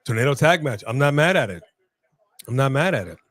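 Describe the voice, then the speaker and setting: A man co-hosting a live wrestling watch-along stream in casual chat, loosely joking and reading out viewer shout-outs. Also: mid-range voice, animated, fairly quick.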